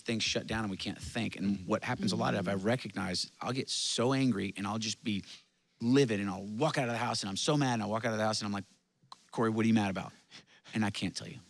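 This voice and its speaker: A man's voice: lowish voice, steady tone, fast talker, gravelly, dry recording. A man from Texas, a guest musician, telling personal stories in an earnest, confessional way during casual conversation. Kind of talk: casual chat.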